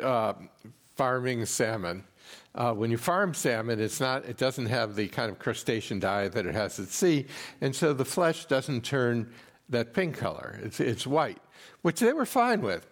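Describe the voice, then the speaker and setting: A man's voice: medium pitch, big pitch swings. A man on a discussion panel tells stories with an amused tone. He stumbles through restarts before finding his line. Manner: storytelling, halting restarts, amused. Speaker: author guest on a food panel.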